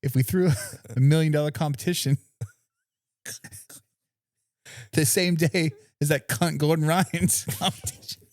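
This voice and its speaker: A man's voice: a little high, takes it slowly, long pauses, voice pushed up. A man doing a botched brash Aussie grappler impression. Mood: mocking. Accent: mock Australian. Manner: crude, laughing through it.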